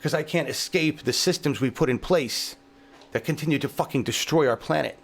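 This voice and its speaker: A man's voice: a little high, fairly quick. A male show host delivering a heated political podcast rant, swearing heavily, fervent and exasperated.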